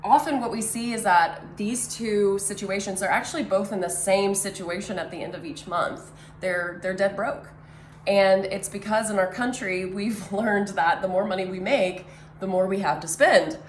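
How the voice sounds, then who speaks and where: A woman's voice: medium pitch, steady tone, moderate pace. Woman, money coach, casual whiteboard talk, echoey room, faint hum. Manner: conversational, drawing as she explains, many fillers.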